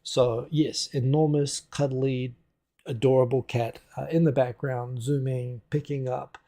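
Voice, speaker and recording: A man's voice: medium pitch, fairly even intonation, a little slow, dark tone. A man from New Zealand hosting a casual livestream at home on a desk microphone, chatting loosely and answering viewer comments as they come in. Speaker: livestream host. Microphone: desk USB microphone.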